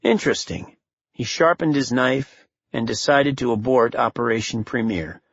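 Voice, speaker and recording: Guy narrating a thriller audiobook, husky steady voice, dry and a bit dull. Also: mid-range voice, moderate pace, dry recording. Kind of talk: scripted narration.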